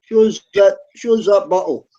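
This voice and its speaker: A man trades teasing insults in an online group chat and often repeats his lines. His voice sits a little high. It comes through a dull, muffled line. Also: measured pace, mellow.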